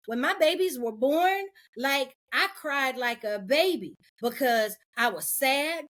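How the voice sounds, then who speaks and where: A woman as a podcast guest in candid conversation, animated, laughing often and acting out the voices of people she quotes. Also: sits high, a little slow, few pauses.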